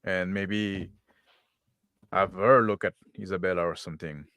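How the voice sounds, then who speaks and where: Brief: male tabletop player, smooth voice, dry sound, casual stop-start delivery. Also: low voice, fairly even intonation, unhurried, a bit bright, no room sound. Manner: casual, stop-start narration of his own actions. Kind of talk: in-character tabletop role-play.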